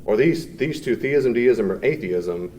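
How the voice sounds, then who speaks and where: A man's voice: medium pitch, expressive, measured pace, mellow. A man teaching a class in a conversational, off-the-cuff way, fielding questions from students and often mimicking people in short quoted voices.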